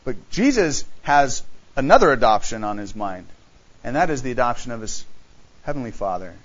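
A man preaching a sermon, animated and full of rhetorical questions, reading scripture aloud. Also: mid-range voice, muffled recording.

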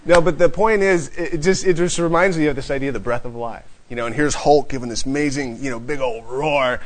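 In this poor-quality recording, a mid-range male voice guides a small, casual Bible study. He reads the passages at an unhurried pace, then talks them over in a relaxed way, frequently chuckling.

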